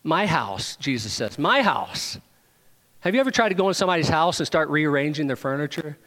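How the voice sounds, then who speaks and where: Animated male preacher in a reverberant hall. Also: a little high, quick pace. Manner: animated, rising to emphatic questions, joking with the congregation. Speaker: pastor. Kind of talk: sermon.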